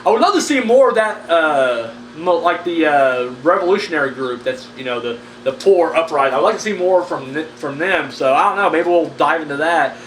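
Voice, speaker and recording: A man's voice: a little high, animated, moderate pace, few pauses, fairly bright tone. A man giving casual, rambling horror movie news commentary, blunt and full of profanity. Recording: echoey room, mic at a distance, faint background noise.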